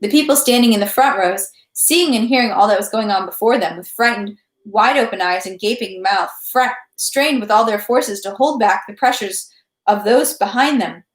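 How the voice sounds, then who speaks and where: A woman reading a classic novel aloud at home, with steady narration and small self-corrections. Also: medium pitch, moderate pace. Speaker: reader. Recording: roomy echo.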